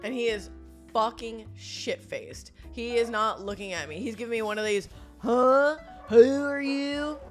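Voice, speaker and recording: Animated woman telling a story. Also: medium pitch, normal speed, soft background music. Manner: animated, acts out drunk voices, swears freely. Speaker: podcast co-host. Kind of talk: casual storytelling chat.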